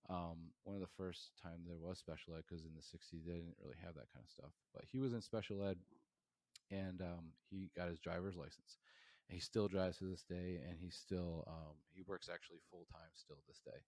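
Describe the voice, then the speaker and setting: A man's voice: deep voice, fairly even intonation, moderate pace, darkish tone, dry recording. A man in his thirties, a podcast guest and professor from New York State, talking in a rambling way with lots of fillers and restarts. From New York State, USA. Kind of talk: casual interview storytelling.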